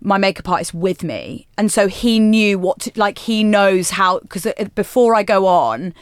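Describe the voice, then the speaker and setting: A woman in her thirties, a presenter and DJ, talking candidly and with self-mockery in a relaxed podcast interview. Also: mid-range voice, clear, resonant tone, no room sound, clean studio sound. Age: 30s. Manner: chatty, candid, self-mocking, quick asides. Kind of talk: casual interview chat.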